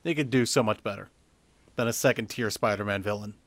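A man hosting a casual podcast chat, blunt and opinionated in his takes. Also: on the low side. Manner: blunt, opinionated, quick to judge.

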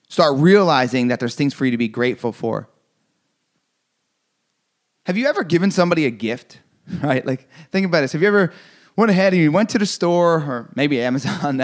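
A man giving an intense motivational speech, repeating phrases and swearing for emphasis. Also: on the high side. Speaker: motivational speaker.

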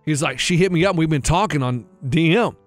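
A man's voice: quick pace, soft background music. Laid-back man telling a story. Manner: retells overheard talk with lowered-voice impressions. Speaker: podcast co-host. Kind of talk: casual chat, storytelling.

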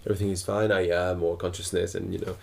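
A man's voice: low voice, little pitch movement, quick pace, creaky, a little mellow. A man asking a teacher questions in a spiritual dialogue, hesitant and searching for words, with many restarts.

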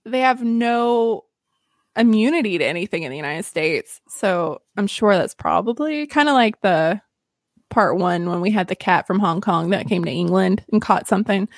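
A podcast host with a mid-range voice and lively intonation tells stories on a casual history show at a normal pace. She's chatty and giggly, using lots of fillers. The sound is dry and clean, like a studio.

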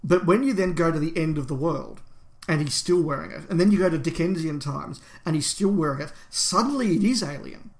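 A man's voice: on the high side, expressive, a little fast. Enthusiastic male podcast co-host. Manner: enthusiastic, detailed, knowledgeable. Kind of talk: casual fan discussion.

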